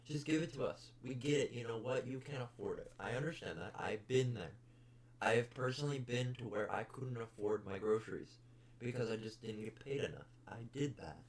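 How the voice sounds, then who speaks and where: A man's voice: mid-range voice, brisk. A young man hosting a casual podcast, bluntly ranting about customers with plenty of swearing. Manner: blunt, profane, exasperated. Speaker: podcast host. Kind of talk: casual storytelling rant.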